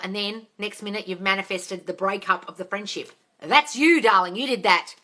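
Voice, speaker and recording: Sweary, shouting woman in her forties. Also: mid-range voice, normal speed, hardly any pauses. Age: 40s. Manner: exasperated, shouts and swears often. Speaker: manifesting coach answering live questions. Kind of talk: blunt, sweary live Q&A. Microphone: phone livestream.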